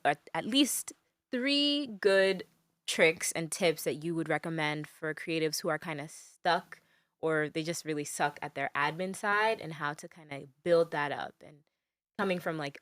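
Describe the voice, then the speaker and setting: Enthusiastic lower-voiced woman podcast host. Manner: enthusiastic, lots of agreeing, rising exclamations. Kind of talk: casual chat.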